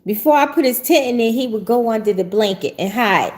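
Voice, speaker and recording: A woman's voice: fairly high pitch, brisk. Chatty laughing woman. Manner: chatty and animated, laughs often. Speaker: prophetic show host. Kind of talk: casual livestream chat.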